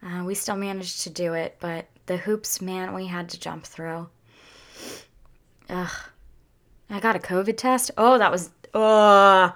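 A woman talking casually to her viewers in a heartfelt, chatty way, near tears and drifting into soft whispers at times. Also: fairly low pitch. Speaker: vlogger. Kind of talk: casual personal talk to viewers.

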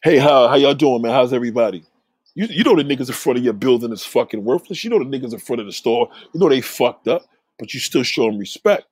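A man telling street stories in a casual monologue, animated, acting out the voices of the people he describes. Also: medium pitch, fast talker, husky, dry recording.

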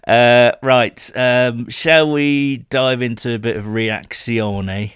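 A man's voice: mid-range voice, fairly even intonation, slow, a bit bright, clean tone, no room sound, clean studio sound. Rambling, jokey man on a podcast. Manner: rambling, jokey, full of fillers. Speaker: podcast host. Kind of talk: casual chat.

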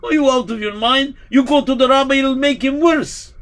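A man playing an excitable priest who speaks broken English, in a live told story. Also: normal speed. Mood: scolding. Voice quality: broken English, high-strung. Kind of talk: live storytelling role-play.

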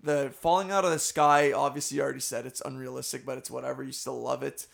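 A man's voice: mid-range voice, level tone, fast talker, vocal fry, a bit bright. A man co-hosting a casual podcast, recapping movie scenes with eager enthusiasm and frequent laughter. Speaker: podcast co-host.

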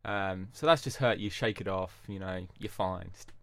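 Man, lowish voice, podcast co-host, laid-back, dry close sound. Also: normal speed, gravelly, no room sound. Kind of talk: casual podcast chat.

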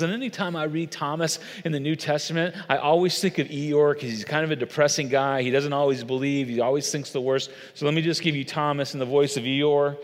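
A man's voice: fairly high pitch, normal speed, in a large hall. A man preaching a sermon, earnest and conversational, speaking straight to his listeners. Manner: earnest, conversational, addresses audience directly. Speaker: pastor.

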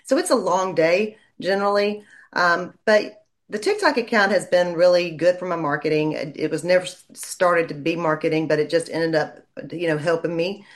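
A woman, a lawyer chatting in an interview and telling stories in a lively way. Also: lowish voice, normal speed. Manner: chatty storyteller, animated when quoting people. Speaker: lawyer and legal commentator. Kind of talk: casual interview chat.

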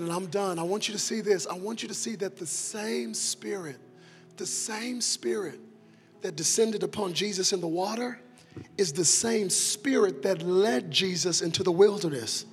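A young male pastor preaching a sermon, moving between quiet talk and shouted, rousing calls to the congregation. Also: high-pitched. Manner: call-and-response preaching, swings from soft talk to shouted climaxes. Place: large church sanctuary. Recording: long hall reverb with organ music behind.

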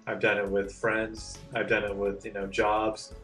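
Candid, rambling male guest with a lowish voice. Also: monotone, unhurried, a bit bright, recorded from a distance, faint music behind. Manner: candid and rambling, heavy with "like" fillers. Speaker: podcast guest, artist. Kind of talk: casual chat.

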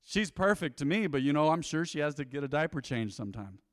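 Guy pastor preaching sunday sermon, kinda high voice, chatty and joking with the church. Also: very animated, fast talker, dry recording, clean studio sound. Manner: conversational, playful preaching with asides to the congregation. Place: church before a congregation.

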